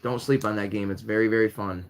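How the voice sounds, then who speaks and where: A man hosting a live-stream variety show, chatting casually and rambling with jokes while he fiddles with a Lego set. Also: fast. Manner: rambling, jokey, lively swings in pitch while building Lego.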